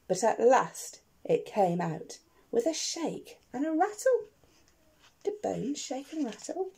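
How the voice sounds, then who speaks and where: A woman teacher reads a rhyming picture book aloud to children, putting questions to her young listeners. She takes her time and lets her pitch swoop up and down. Her voice is mellow and a little husky. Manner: expressive and playful, asking the listeners questions.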